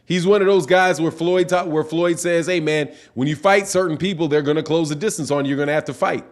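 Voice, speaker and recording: Reading super chats on his relaxed boxing stream, this host talks a little fast in a fairly high voice. His delivery is lively and full of slang, with plenty of repetition and laughter.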